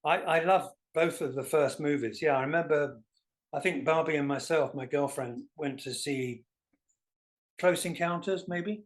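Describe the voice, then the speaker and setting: A man, a guest musician telling self-deprecating stories in a relaxed interview. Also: fairly high pitch, moderate pace. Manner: animated anecdotal, self-deprecating. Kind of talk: casual storytelling interview.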